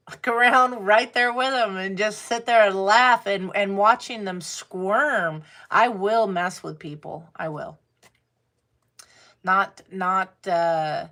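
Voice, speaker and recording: Female tarot reader, unhurried delivery, blunt and profane with laughter. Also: medium pitch, fairly bright tone. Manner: blunt, swears freely, laughs while talking. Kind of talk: casual tarot reading talk.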